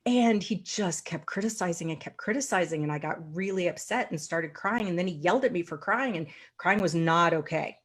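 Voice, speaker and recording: A woman with a slightly low voice speaks as a coach in casual conversation. She is earnest and reflective and laughs lightly now and then. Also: fairly quick, husky. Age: adult with a daughter.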